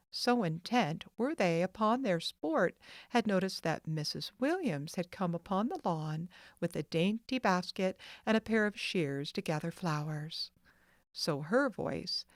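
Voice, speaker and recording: A woman narrating a classic children's novel as an audiobook, in slow, expressive storytelling. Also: fairly low pitch, no room sound, studio quality. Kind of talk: scripted narration.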